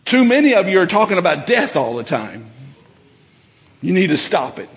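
A man preaching a sermon in a church, folksy and fervent, building up to shouts. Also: high voice, very animated, moderate pace, long reverb tail. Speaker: pastor. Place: church sanctuary.

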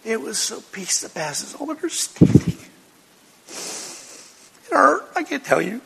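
An older male pastor preaches a heartfelt testimony in a high, gravelly, husky voice. He tells his story with strong emotion and keeps breaking into short laughs. The sound carries a long echo from the hall. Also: very animated, a little slow, fairly bright tone. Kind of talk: personal testimony sermon.

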